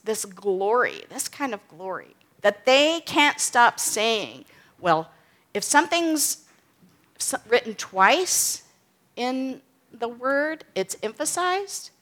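A woman's voice: fairly high pitch, sing-song, takes it slowly, a bit bright. A woman teaching from the Bible in a casual way, often checking in with "okay?" and "right?". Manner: reads scripture aloud with emphasis, then explains casually with "okay?" and "right?".

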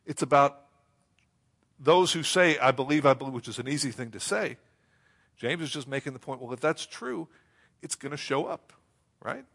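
Guy preaching a sermon, chatty, lots of "you see?" and "okay?", slows down for verses. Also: fairly high pitch, expressive, creaky, a bit bright, husky. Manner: conversational preaching with rhetorical questions and repeated phrases. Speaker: pastor.

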